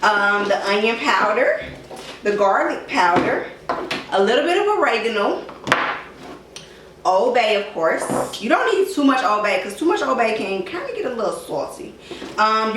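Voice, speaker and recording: A young woman giving a casual cooking tutorial in her home kitchen, chatty and full of fillers, calling her viewers y'all. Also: on the high side. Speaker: cooking vlogger. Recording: echoey kitchen from far off, with noise.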